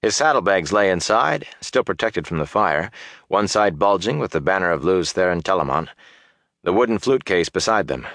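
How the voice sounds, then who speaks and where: A man narrating a fantasy audiobook in a steady, measured storytelling voice. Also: low voice, no room sound, studio quality.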